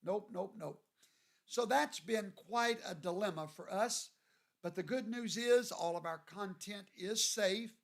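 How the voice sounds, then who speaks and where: A man from Louisiana, hosting a livestream and greeting viewers by name in a folksy, drawn-out way. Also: high-pitched, gravelly. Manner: folksy, drawn-out, reads viewer names aloud. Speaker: show host.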